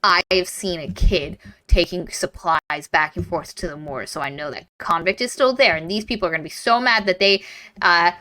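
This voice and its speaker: A woman's voice: fairly low pitch, normal speed, sharp tone, dry recording. A woman co-hosting a casual book-club chat, animatedly retelling the plot and acting out the characters' lines. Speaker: podcast co-host.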